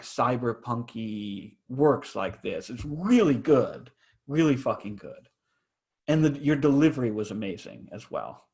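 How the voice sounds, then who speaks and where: A man with a plain mid-range voice hosts a reading night over a call. He talks in an easygoing, hesitant way and leans on fillers as he gives feedback and asks for readers. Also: mid-range voice. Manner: relaxed, hesitant, many fillers. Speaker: host of a reading series. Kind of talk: casual hosting on a video call.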